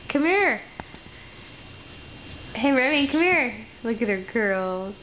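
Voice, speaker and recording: A woman's voice: on the high side, very animated, slow, highs cut off, slight background noise. A young mother at home, talking sing-song baby talk and coaxing her toddler, laughing often. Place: family home.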